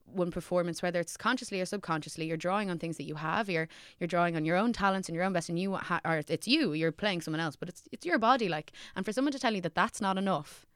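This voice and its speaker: A woman's voice: fairly low pitch, quick pace, hardly any pauses, a bit bright, clean tone, no room sound, clean studio sound. A young woman, an actor, chatting candidly on a podcast, swearing freely and laughing as she talks. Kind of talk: casual chat.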